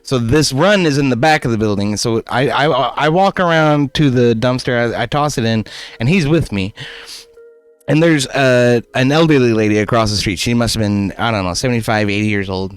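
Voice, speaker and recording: A man's voice: medium pitch, normal speed, clear, resonant tone, dry recording, faint music behind. A man streaming live, casually telling a story, swearing a lot and laughing often. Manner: profane, laughing, animated.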